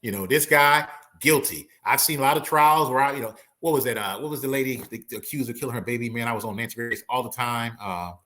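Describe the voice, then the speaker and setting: Talking fast with few pauses, a man with a medium-pitched, bright, forceful voice discusses a trial as a guest. He's a criminal and appellate attorney, and in this casual chat he acts out courtroom lines with slangy asides.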